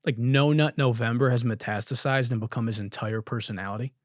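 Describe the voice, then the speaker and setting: A man's voice: mid-range voice, fairly quick, no echo, studio quality. Profane, riffing young male podcast host. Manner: profane, laughing, animated riffing. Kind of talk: casual comedic commentary on viral videos.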